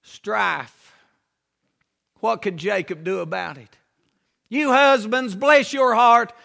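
Man preacher, slow and bright, reverb of a hall. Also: high voice, creaky. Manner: folksy, emphatic preaching, shouting on key lines. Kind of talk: sermon.

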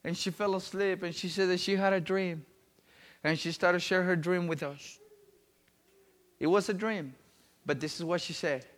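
A man preaching a sermon, telling a story with great emotion and swinging between loud pleading and hushed, quiet tones. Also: high-pitched, fairly even intonation, moderate pace, long pauses. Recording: long reverb of a large hall.

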